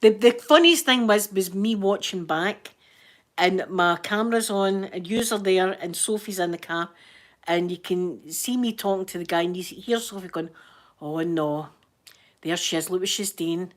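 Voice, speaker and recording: Woman, Scottish accent, middle pitch, casual live chat, gossipy storyteller, laughs often, mimics quoted voices. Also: normal speed. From Scotland. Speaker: livestream host chatting to viewers.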